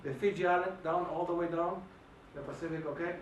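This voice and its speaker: A man giving an emphatic, animated lecture and firing questions at the audience, recorded in a hall. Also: on the high side, fairly quick, slight background noise. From Germany. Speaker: guest lecturer. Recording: echoey hall, mic at a distance.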